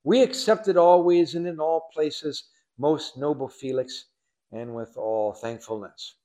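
Brief: man putting on a sycophantic orator, oily and flattering, pitched a touch higher. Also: unhurried, lightly acted. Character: fawning, flattering male courtroom orator.

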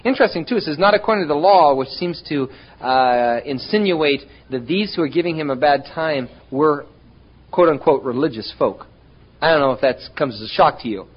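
A man preaching to his congregation in an animated way, tossing out rhetorical questions. His voice sits fairly high for a man. The recording sounds dull and lo-fi. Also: moderate pace, husky. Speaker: pastor. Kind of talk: sermon.

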